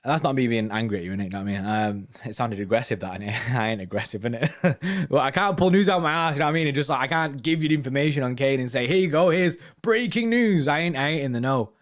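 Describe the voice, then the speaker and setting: A man's voice: medium pitch, fast, hardly any pauses. Slangy young man rambling casually. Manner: slangy and rambling, repeating "innit" and "you know what I mean". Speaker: host of a football fan live stream. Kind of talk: casual live-stream chat, reading viewer comments.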